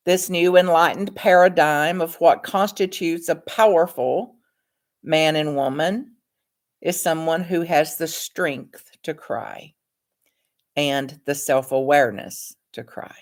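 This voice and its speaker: Slow, low-voiced woman reading calmly. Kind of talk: reading aloud from her own book.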